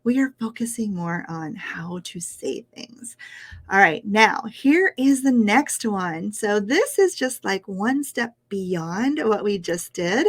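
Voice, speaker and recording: A woman teaching English pronunciation online, patient and upbeat, repeating words slowly for her learners to copy. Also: mid-range voice, expressive. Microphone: headphones while sharing screen.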